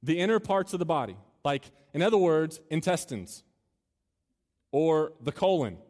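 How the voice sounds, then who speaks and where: A man preaches to a student crowd, shifting between loose, joking asides and earnest, building appeals. His voice sits a little high for a man. It rings out with the long reverb of a large hall. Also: big pitch swings, normal speed, a little mellow. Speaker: campus minister.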